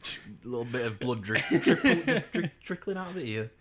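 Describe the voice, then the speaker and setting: A man's voice: lively intonation, fast, bright, forceful tone. A young man from England co-hosting a podcast, telling rambling anecdotes with plenty of swearing. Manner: swearing, rambling anecdotes, acts out quotes in a high voice. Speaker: podcast co-host. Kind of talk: casual chat.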